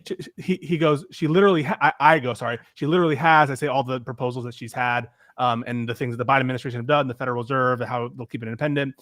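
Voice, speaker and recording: A man co-hosting a casual political talk show, telling an animated story about an online exchange. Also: medium pitch, racing, hardly any pauses, dry recording, clean studio sound. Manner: animated storyteller, reads out messages. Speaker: podcast co-host.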